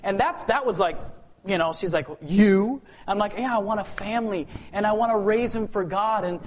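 High-voiced man telling a lively story. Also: a little fast. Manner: acts out the dialogue, voice swings from loud to hushed; repeats words when restarting. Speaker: speaker sharing a personal testimony. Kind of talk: animated storytelling.

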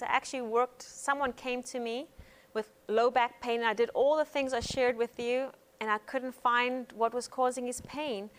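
A woman teaching hands-on pain management in a gentle, conversational way, telling stories from her practice. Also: fairly high pitch. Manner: gentle, conversational, frequent um fillers. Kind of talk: instructional talk with personal stories.

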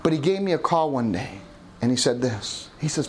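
A man's voice: medium pitch, sing-song, normal speed, a little hiss or hum. A middle-aged man preaching a sermon as pastor, often calling out "Amen?" to the congregation. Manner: call-and-response preaching, asking "Amen?".

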